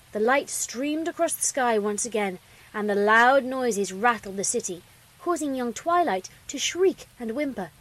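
A woman reading a fan story aloud as the narrator, with expressive delivery. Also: a little high, poor audio.

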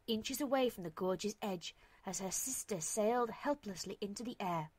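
A woman narrating a dramatic story in an emotive way, at times dropping to hushed whispers. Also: fairly high pitch, dry recording.

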